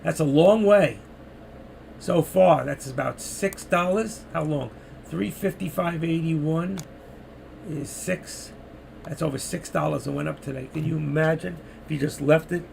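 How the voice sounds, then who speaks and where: Gravelly New York man calling trades live. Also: fairly high pitch, measured pace, darkish tone, a little hiss or hum. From New York City. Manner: chatty, talks through trades while reading chat. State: losing his voice. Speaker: trading live streamer. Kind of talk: live market commentary.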